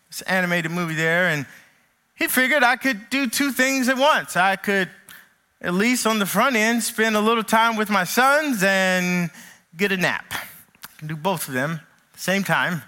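Pastor, male, high and bright-toned, earnest sermon delivery with lively storytelling. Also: smooth. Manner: earnest preaching, drops low and slow on key phrases; animated storytelling with acted quotes.

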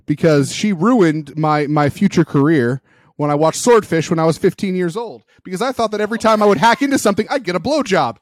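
A man's voice: high-pitched, a little fast, no echo, clean studio sound. A man in his thirties hosting a casual group chat, joking and crude. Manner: animated, joking, crude humor. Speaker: podcast host.

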